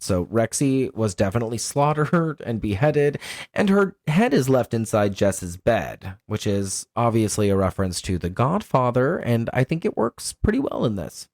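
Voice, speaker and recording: A man co-hosting a podcast in casual chat, animated and profane, laughing often. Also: mid-range voice, no room sound, clean studio sound. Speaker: podcast co-host.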